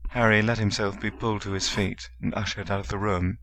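A man narrating a story in a steady storytelling manner. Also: lowish voice, brisk. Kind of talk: fan reading of a story.

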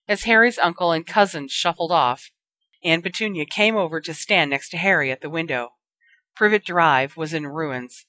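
A reader narrating a story in a measured, even storytelling manner. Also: mid-range voice, no echo.

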